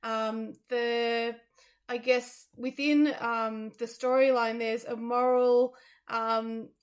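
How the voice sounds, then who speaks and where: A woman's voice: a little high, level tone, takes it slowly. A woman, a theatre reviewer, giving her views in a casual chat, thoughtful and hesitant with frequent ums.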